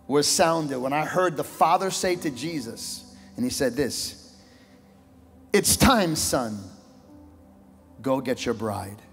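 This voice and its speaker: A man in his sixties preaching a sermon, telling a story dramatically, moving from hushed tones to shouting. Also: on the high side, vocal fry. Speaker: pastor. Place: church sanctuary. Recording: church hall reverb with music.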